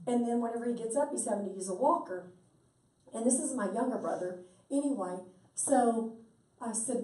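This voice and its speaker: A woman's voice: a little high, moderate pace, mellow. Folksy woman, roomy distant sound. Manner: folksy, chatty, quotes people in dialogue. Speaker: speaker promoting stem cell treatment. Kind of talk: animated storytelling talk.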